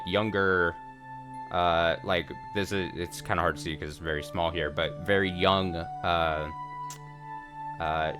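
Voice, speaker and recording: A man with a fairly low voice talks through a game recap on stream. He rambles, restarts his sentences and swears casually as he goes. It sounds like relaxed let's-play commentary. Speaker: streamer recapping a visual novel.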